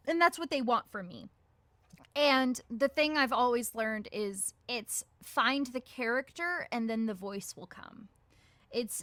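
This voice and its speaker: A woman's voice: a little high, sharp tone, dry recording. A woman voice actress answering interview questions casually, with many fillers, acting out her own quoted thoughts. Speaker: guest voice actress.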